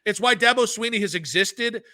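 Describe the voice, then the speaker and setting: A man co-hosting a sports radio show, chatting in an animated way with quick asides. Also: sits high. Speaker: radio co-host.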